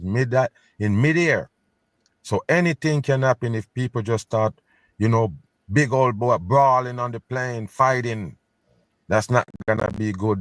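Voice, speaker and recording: Low-voiced scornful commentator. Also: male voice, dry recording, studio quality. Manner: emphatic, keeps repeating "pay attention, people"; scornful, conspiratorial. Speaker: host reacting to news clips. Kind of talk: casual commentary.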